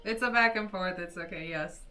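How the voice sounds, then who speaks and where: A young woman from Gothenburg, Sweden, livestreams and chats casually with her viewers, answering their messages. Her voice is lowish, bright and forceful, at a moderate pace. A distant mic picks her up with faint music in the background.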